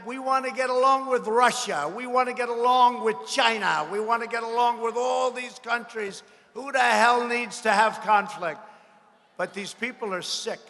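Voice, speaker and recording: A man delivers a campaign rally speech in a bright, forceful voice pushed very high as he shouts to the crowd. He mocks his targets and repeats his phrases for effect. His voice rings with the long reverb of a large rally venue. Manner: boastful, mocking, repetitive phrasing; frequent shouted lines to a crowd. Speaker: politician addressing a rally.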